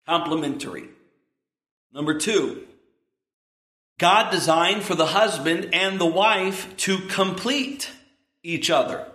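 A man's voice: high-pitched, slow pace, pauses often, bright, forceful tone, echoey room. A man in his thirties, a pastor preaching a sermon in an earnest, emphatic way, with asides to the congregation.

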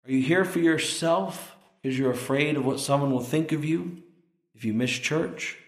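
A man's voice: on the high side, normal speed, reverberant. A man preaching a sermon to his congregation, earnestly asking them pointed questions and closing in prayer. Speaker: pastor. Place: church sanctuary.

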